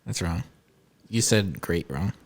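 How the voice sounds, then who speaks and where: A man's voice: sits low, animated, takes it slowly, noisy background. A man co-hosting a podcast in casual chat, teasing and laughing often. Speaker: podcast co-host.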